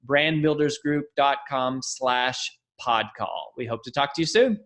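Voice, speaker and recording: A man reading a friendly, measured promo message at the end of a podcast. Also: mid-range voice, a bit bright. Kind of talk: scripted promo read.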